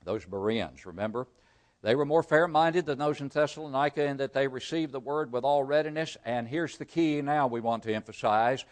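A man preaching a sermon. He reads scripture aloud, explains it and asks the congregation rhetorical questions, rising loud for emphasis and dropping almost to a murmur. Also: medium pitch. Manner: rises loud for emphasis, then drops to a near-murmur.

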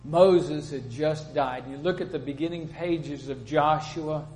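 Older male preacher, slightly high-pitched, folksy storytelling sermon delivery. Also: unhurried, low-quality recording. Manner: plain-spoken storytelling preacher, quotes people in lively voices.

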